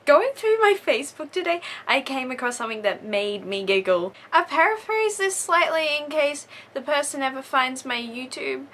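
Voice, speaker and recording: A woman's voice: high-pitched, expressive, moderate pace, few pauses, fairly bright tone. A woman vlogger talking to camera in a casual comedic monologue, wry and playfully sarcastic.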